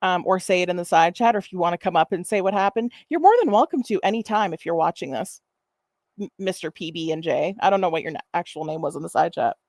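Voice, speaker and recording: A woman's voice: lowish voice, expressive, quick pace, a little mellow, no echo, studio quality. A woman hosting a casual stream, talking in a profane, mocking, rambling way with lots of fillers. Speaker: host.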